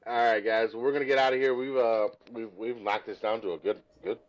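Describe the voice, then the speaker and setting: A man co-hosting a podcast, chatting casually in an animated, rambling, self-deprecating way. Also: on the low side, brisk, dull audio. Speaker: podcast co-host. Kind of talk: casual chat.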